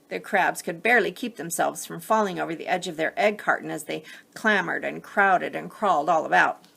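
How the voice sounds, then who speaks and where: A woman gently and expressively reading a children's picture book aloud. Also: lowish voice, a little fast, gravelly, slightly rough. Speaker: storyteller.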